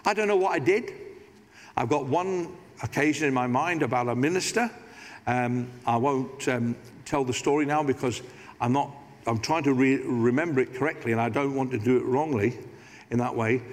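A man's voice: mid-range voice, normal speed. A man preaching a sermon as pastor, talking conversationally with asides and light humor. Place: large church. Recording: hall reverb.

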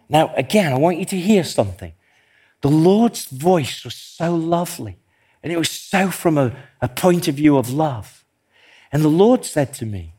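A man's voice: a little high, very animated, a little slow, a little mellow, breathy edge. A man preaching a sermon, telling a personal story in an earnest, self-deprecating way. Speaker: pastor.

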